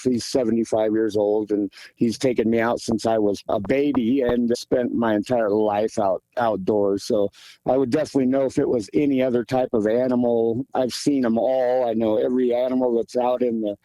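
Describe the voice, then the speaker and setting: Plainspoken hunter with a mellow voice. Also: male voice, mid-range voice, fairly even intonation, moderate pace, no room sound, poor audio. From Pacific Northwest. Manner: plainspoken, repeats himself, many fillers. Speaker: guest, hunter describing a sighting. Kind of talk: casual interview answers.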